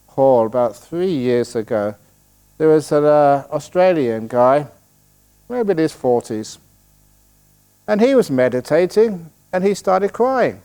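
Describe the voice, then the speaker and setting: A man's voice: a little high, dark tone. Joking older Englishman teaching meditation. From England. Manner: joking, storytelling, acts out quoted voices. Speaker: Buddhist meditation teacher answering questions. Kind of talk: humorous Q&A talk at a retreat. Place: meditation hall.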